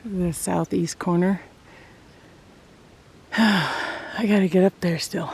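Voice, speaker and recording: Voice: mid-range voice, steady tone, slow pace, slightly rough. A vlogger talking casually to viewers while hiking up a snowy mountain slope, out of breath from the climb and laughing often. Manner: chatty, addresses viewers directly, laughs often. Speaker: vlogger showing their land. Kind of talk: casual walk-and-talk to camera. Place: outdoors on a snowy mountain hillside.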